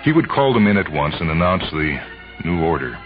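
A man narrating a dramatic story in a measured, brooding way, heard on an old, dull radio recording. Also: deep voice, big pitch swings, over music.

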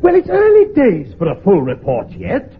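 An actor playing a pompous, officious naval officer who fawns and frets, in a 1960s radio comedy. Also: male voice, high voice, huge pitch swings, moderate pace, exaggerated voice. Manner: fawning, flustered, officious. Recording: tinny old radio broadcast with hiss.

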